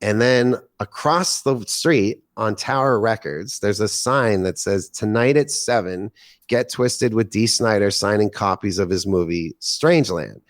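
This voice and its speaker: A man in his forties, a podcast guest, telling a long story with excitement, swearing casually and acting out what people said. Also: on the low side, measured pace, dry recording, clean studio sound. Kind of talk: animated storytelling in casual chat.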